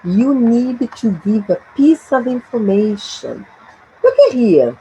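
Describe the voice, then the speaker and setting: Slow, lively Brazilian woman teacher. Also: on the high side, breathy edge, rough recording. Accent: Brazilian Portuguese. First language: Portuguese. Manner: slow, drilling phrases for students to repeat. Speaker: English teacher. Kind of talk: English grammar lesson.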